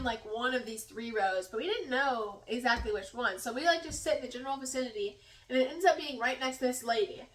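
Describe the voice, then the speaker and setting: A woman's voice: a little high, a bit bright, echoey room, distant mic. A young woman vlogger telling a rambling story in a casual, giggly way while cooking in her home kitchen.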